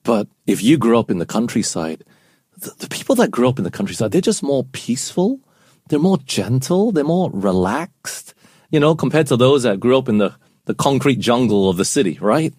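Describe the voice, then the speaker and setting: A man's voice: medium pitch, very animated, normal speed, darkish tone, husky, no room sound, studio quality. A man co-hosting a casual Bible study show, explaining verses and asking his co-host questions.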